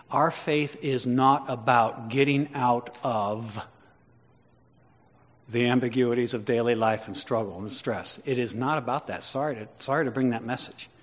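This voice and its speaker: A man preaching a sermon to his congregation, swinging between loud emphatic lines and quiet conversational asides with questions to the listeners. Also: mid-range voice. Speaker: pastor. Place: church. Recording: long reverb of a large hall.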